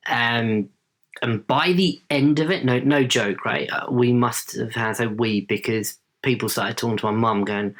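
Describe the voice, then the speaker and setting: A man's voice: mid-range voice, measured pace, a bit bright. A man in his late thirties, a podcast guest telling a story casually, often tagging his sentences with "right?". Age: late 30s. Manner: chatty, tags sentences with "right?".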